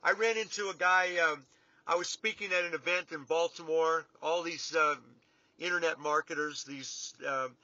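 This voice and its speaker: Addressing his clients on camera, a middle-aged man gives a casual motivational talk that is earnest and folksy, driving points home by repeating them. His fairly high, steady, sharp voice moves at a moderate pace, captured in a dry, dull, lo-fi recording.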